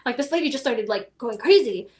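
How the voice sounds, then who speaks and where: A woman from Las Vegas, a podcast guest, telling stories in casual chat, animated and full of laughter and filler words. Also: on the high side, brisk. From Las Vegas, USA.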